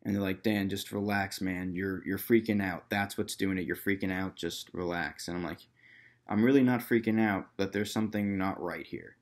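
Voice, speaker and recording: A man's voice: low voice, steady tone, normal speed. A young man casually telling a personal story to camera in a loose, rambling way, full of fillers and quoted dialogue. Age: young adult. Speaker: vlogger.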